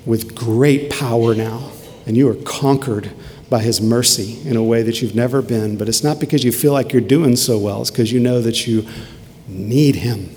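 A man preaching a sermon as a pastor, earnest, dropping to a hush and then rising to emphatic peaks. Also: mid-range voice, big-room sound, a little hiss or hum.

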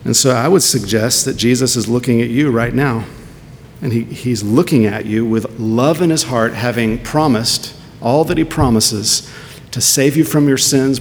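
A man preaching a sermon as pastor, earnest and full of rhetorical questions. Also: moderate pace. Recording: long hall reverb with faint rumble.

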